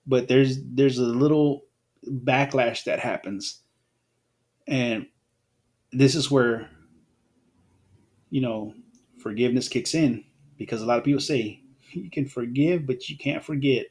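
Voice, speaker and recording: A man's voice: medium pitch, a little slow, long pauses, a little mellow. A man hosting an unscripted solo podcast, talking in a rambling way and often restarting his phrases. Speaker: podcast host.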